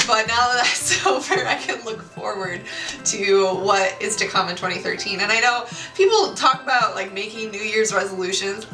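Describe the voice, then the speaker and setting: A woman's voice: mid-range voice, normal speed, bright, forceful tone. A woman in her late twenties chatting casually to her viewers in a bubbly, exclamatory way. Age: 20s. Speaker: YouTuber. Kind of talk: casual chat to camera. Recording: roomy echo, far from the mic, music behind. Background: music.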